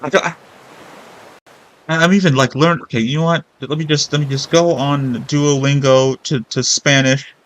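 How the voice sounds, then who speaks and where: A man's voice: medium pitch, fairly even intonation, normal speed, a bit bright, poor audio. A man streaming a video game, rambling in casual commentary with sarcastic jokes and frequent swearing.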